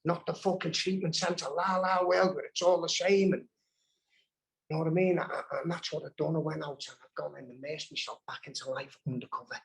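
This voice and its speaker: A Scouse man with a gravelly, slightly raised voice tells his recovery story to a live room. He is blunt and profane, dropping swear words without a pause, and plainly talking rather than performing. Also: fairly high pitch, fairly even intonation, low-quality recording. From Birkenhead, England. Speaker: recovery workshop speaker. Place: live convention hall.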